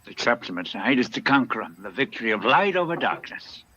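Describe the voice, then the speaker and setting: A man's voice: medium pitch, sing-song, fast talker, bright, forceful tone, slightly rough, heavily acted. An actor playing a smug, self-righteous male plantation owner who prays aloud in a dubbed film. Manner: self-satisfied, preaching prayer. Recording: dull lo-fi film audio with noise.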